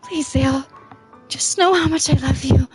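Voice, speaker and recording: A woman's voice: sits high, moderate pace, music in the background, voice pushed up, close to an everyday voice. A woman voicing an obsessive lovestruck schoolgirl from a game, reading the lines fervently and pleadingly. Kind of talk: reading game dialogue aloud.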